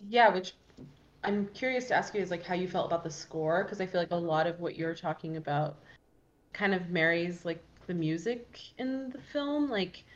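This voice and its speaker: Lower-voiced woman in dull-sounding podcast chat. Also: normal speed. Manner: chatty, filler-heavy, animated. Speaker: podcast co-host. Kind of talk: casual film review chat.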